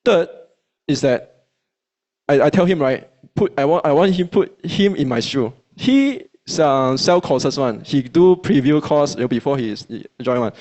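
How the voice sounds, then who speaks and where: A man with a Malaysian English accent, telling a motivational story to an audience in a colloquial, animated way and acting out his own dialogue. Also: a little high. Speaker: speaker at a business event.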